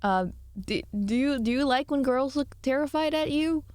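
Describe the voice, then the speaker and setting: A woman's voice: sits high, moderate pace, a little mellow, dry recording, clean studio sound. A tired woman streamer chatting casually and rambling, laughing as she answers her chat. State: tired from little sleep. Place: home room.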